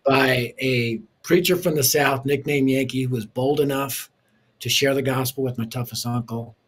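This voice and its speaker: A man who is a preacher and author, telling his life story as a guest in an interview in a lively, punchy way with touches of humor. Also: mid-range voice, normal speed.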